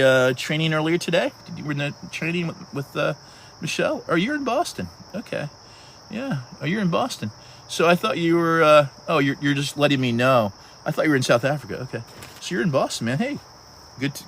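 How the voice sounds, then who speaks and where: A man's voice: medium pitch, fairly bright tone, slight background noise. A man in his early sixties hosting a casual livestream outdoors, chatting with viewers and greeting them by name, with frequent restarts. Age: 60s. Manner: talkative, restarts, addresses viewers by handle. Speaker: livestream host. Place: outdoors at sunset.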